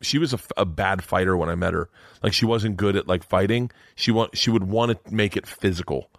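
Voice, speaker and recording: رجل منفعل يروي القصص بصوت منخفض وجاف. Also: male voice, low voice, fairly quick, creaky, no echo, studio quality. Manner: animated, swearing, acts out quoted voices. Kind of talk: casual podcast storytelling.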